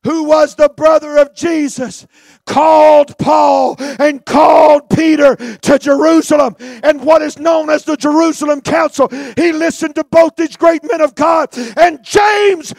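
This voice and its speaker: A man preaching a sermon, shouting fervently at times and dropping to hushed storytelling. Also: very high voice, fairly even intonation, measured pace, creaky, dry recording.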